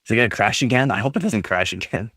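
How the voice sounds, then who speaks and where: A man's voice: on the low side, animated, fast talker, fairly bright tone, breathy edge, dry recording, studio quality. A man chatting on a live stream, reading his chat aloud and trading jokey teasing banter with the viewers. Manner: reads chat messages aloud and reacts.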